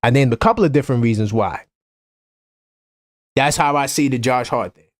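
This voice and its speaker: A man with a New York accent hosting a live-stream basketball chat, animated and opinionated, often repeating himself. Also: mid-range voice, normal speed, no room sound, studio quality. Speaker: basketball fan show host.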